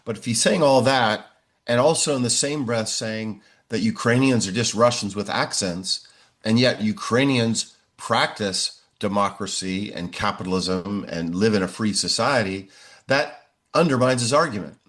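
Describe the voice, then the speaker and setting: A man in his sixties, a professor answering interview questions in a measured way, often pausing on "uh". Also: fairly low pitch, fairly bright tone. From United States. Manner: measured, frequent "uh" fillers.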